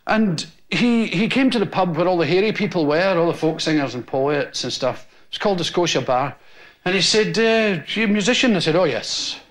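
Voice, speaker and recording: This Scottish stand-up in his forties has a voice that is a little high and a normal speaking speed. He performs for a live audience in a TV studio, laughing through acted-out scenes, captured on a noisy old TV recording.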